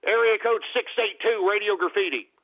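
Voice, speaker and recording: A high, gravelly male voice rants and swears as he hosts a call-in radio show. He sounds fed up with his callers. The sound is thin and tinny, like a phone line. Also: fairly quick. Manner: profane, ranting, exasperated.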